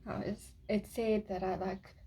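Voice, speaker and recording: A woman's voice: mid-range voice, level tone, measured pace, mellow, breathy edge. A woman rambling through a casual spiritual vlog monologue, giggling often and swearing casually. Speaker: spiritual vlogger.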